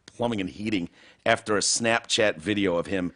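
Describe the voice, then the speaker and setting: A man hosting a casual podcast, telling crude, profane stories with big jumps in pitch. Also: normal speed, fairly bright tone. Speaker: podcast host.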